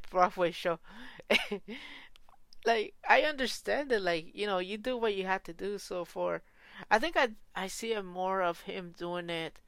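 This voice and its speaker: A woman talking in a casual reaction vlog, excitable and gushing, with slangy phrasing and frequent restarts. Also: lowish voice, no room sound. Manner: slangy, informal.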